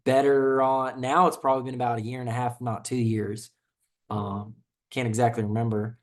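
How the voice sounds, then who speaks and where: A laid-back young man with a slight Southern twang, talking straight to camera in an easygoing ramble. He trips over his words, circles back, and leans on "um" and "man" as he reacts to comments. His pitch sits right in the middle. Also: level tone, normal speed. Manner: rambling, laid-back, many fillers and restarts. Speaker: channel host. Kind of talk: casual reaction video, reading comments.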